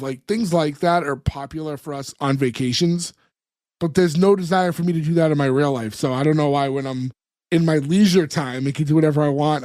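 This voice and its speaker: Male podcast co-host, slightly higher voice, retells scenes and plays out the dialogue, dry close sound. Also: a little mellow, dry recording. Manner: retells scenes, acting out the characters' lines. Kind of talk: casual chat recapping a sitcom episode.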